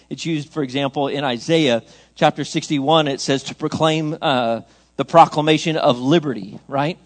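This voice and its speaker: A man preaching a sermon in an earnest, conversational way, asking his listeners questions and swinging between loud, emphatic lines and soft ones. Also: fairly high pitch.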